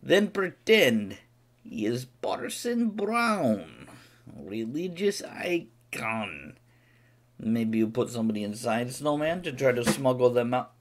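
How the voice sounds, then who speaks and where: A boastful, vodka-soaked Siberian, put on by a man rambles in broken English with a thick Russian accent. His deadpan jokes swing up and down in a lively, animated pitch over a mid-range voice. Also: slow, a little hiss or hum. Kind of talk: comedic character monologue on a live stream.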